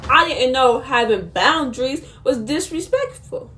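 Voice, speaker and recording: A young woman with a high voice tells a storytime vlog to her viewers. She is indignant and sassy, throwing quick asides straight at the audience. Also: animated, pushed and bright, slight background noise. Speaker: vlogger.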